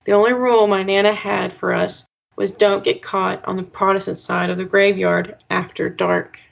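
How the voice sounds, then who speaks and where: A woman's voice: medium pitch, level tone, normal speed, creaky. A woman co-hosting a podcast in casual chat, playful and laughing often as she reacts to listener stories. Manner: playful, laughs often, repeats pleas for more. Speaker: podcast co-host. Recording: dull lo-fi sound.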